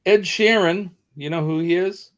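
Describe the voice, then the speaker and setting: A man's voice: high voice, measured pace. A man with a Southern American accent hosting a live stream, chatting casually and rambling with many fillers. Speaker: livestream host.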